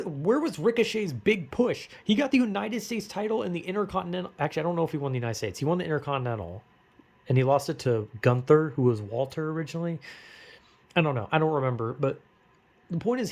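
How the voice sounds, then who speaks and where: A man's voice: on the high side, darkish tone. A man ranting casually and rambling with lots of fillers, getting frustrated and swearing often. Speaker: wrestling fan vlogger. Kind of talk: casual rant.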